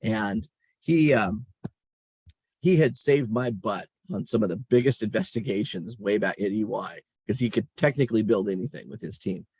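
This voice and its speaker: A man's voice: lowish voice, moderate pace, breathy edge, no echo. A middle-aged man, a company chief executive, telling stories about his career in a casual interview and chuckling as he talks. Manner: animated storyteller, chuckles while talking.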